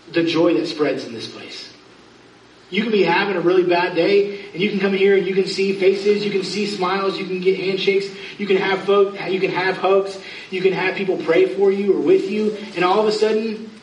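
A man in his thirties preaching a sermon as pastor, talking in a conversational, emphatic way with quick asides. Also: high voice, a little hiss or hum. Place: church sanctuary. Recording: roomy church sound, distant mic.

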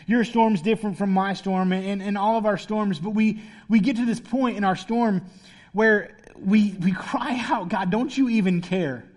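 A man's voice: high-pitched, fairly even intonation, normal speed. A man as a pastor preaching a sermon in a casual, playful storytelling way.

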